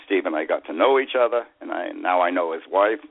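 A man's voice: low voice, a little fast, creaky. A man in his eighties with a Boston accent, telling rambling stories as an interview guest. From USA. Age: 80s. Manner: rambling anecdotes, hesitant fillers. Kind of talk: storytelling interview. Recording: phone line.

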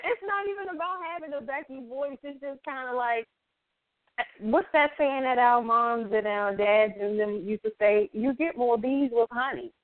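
A woman's voice: a little high, moderate pace, no room sound. A woman on a casual radio talk show who reasons things through in an easygoing way, with many fillers. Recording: dry, tinny phone-like sound.

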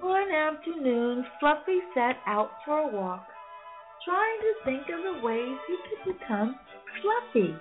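A woman reading a bedtime story to children, slow and expressive, often laughing. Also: high-pitched. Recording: phone-like lo-fi sound, faint music.

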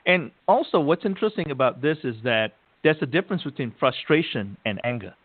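A man's voice: a little high, expressive, fairly quick. Man interviewer on a phone-like line. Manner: encouraging, frequent affirming murmurs. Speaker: interview host. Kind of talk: interview questions. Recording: phone-like narrow sound.

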